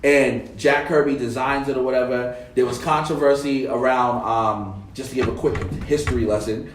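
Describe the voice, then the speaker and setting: A man's voice: mid-range voice, moderate pace, recorded from a distance, a little hiss or hum. A young adult man hosting a casual panel chat, telling stories with lots of fillers and acting out quotes. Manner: relaxed storytelling, many fillers, acts out quotes. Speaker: podcast host. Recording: roomy echo, voice heard from off the mic.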